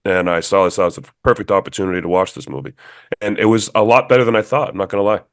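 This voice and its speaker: Low-voiced man chatting about movies. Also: racing, dry recording, clean studio sound. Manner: relaxed, filler-heavy, says "like" a lot. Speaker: podcast co-host. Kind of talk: casual movie review chat.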